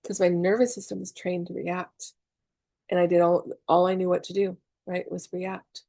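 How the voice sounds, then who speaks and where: A woman's voice: on the low side, little pitch movement, moderate pace, creaky, dark tone, no room sound. A middle-aged woman teaching a spiritual class in a chatty, confessional way, swearing freely and acting out her own panics. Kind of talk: casual online class talk.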